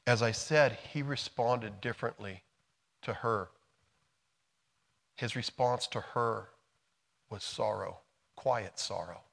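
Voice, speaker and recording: A middle-aged American man preaching a sermon, moving between quiet, soft passages and loud, emphatic storytelling. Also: on the low side, gravelly. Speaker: pastor.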